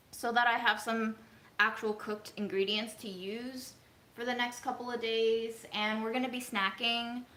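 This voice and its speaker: A woman vlogging casually from her home kitchen, talking in a soft, reflective way with many pauses and ums. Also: medium pitch. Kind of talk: casual livestream chat. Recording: roomy echo.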